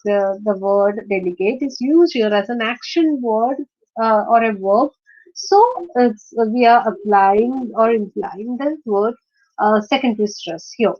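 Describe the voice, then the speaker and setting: A woman teaching in an online lecture, explaining step by step with many pauses, fillers and restarts. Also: fairly high pitch. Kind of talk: screen-shared online lecture. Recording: dull lo-fi recording.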